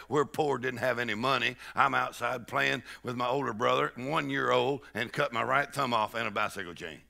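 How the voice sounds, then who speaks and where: A man preaching a sermon to a live church crowd. He tells folksy stories with jokes, and he laughs and shouts to lead the congregation in rejoicing. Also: mid-range voice, gravelly.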